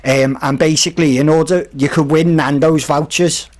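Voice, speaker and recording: A man's voice: fairly high pitch, normal speed, a little hiss or hum. A man, a podcast guest animatedly telling a story and acting out the voices of the people in it. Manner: animated, acts out quoted voices. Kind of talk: casual storytelling.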